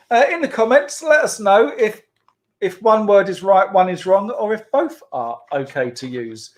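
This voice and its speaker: A man's voice: sits high, expressive, moderate pace. A man hosting a children's church club online, chatty and playful, laughing often and filling gaps with ums.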